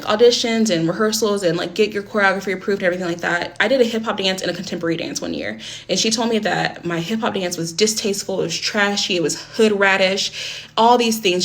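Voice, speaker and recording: A young woman recounts a personal story straight to camera in casual storytime fashion. Her voice sits at a middle pitch, and she is blunt and swears freely. She rushes her words and gets animated whenever the story upsets her.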